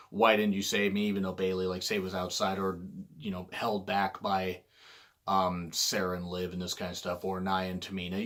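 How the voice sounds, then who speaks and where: Man, low voice, casual solo commentary, rambling, throat clearing. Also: fairly bright tone. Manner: rambling, self-correcting, frequent throat clearing. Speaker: wrestling commentator.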